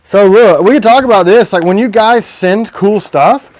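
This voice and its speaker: A man's voice: high-pitched, moderate pace, dry recording. A man hosting a casual livestream as a knife maker, rambling and self-deprecating.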